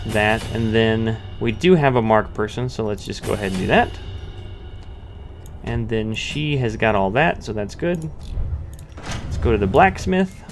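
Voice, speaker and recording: A man's voice: on the low side, slight background noise. A man giving casual let's-play commentary, thinking aloud with many restarts and fillers. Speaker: gameplay commentator.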